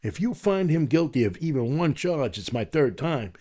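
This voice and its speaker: Animated New man telling his story. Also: fairly high pitch, normal speed. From New York. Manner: animated storyteller who acts out other people's lines. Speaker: podcast guest.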